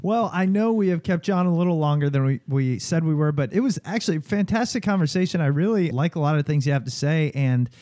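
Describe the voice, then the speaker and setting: Male podcast host, friendly, mellow tone, dry close mic. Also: a little high, animated, fast talker, few pauses, dry recording. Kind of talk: casual interview chat.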